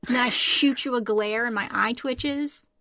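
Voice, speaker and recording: Bright, animated woman podcast co-host. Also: fairly high pitch, a little slow, no echo. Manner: animated, mock-exasperated. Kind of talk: casual chat.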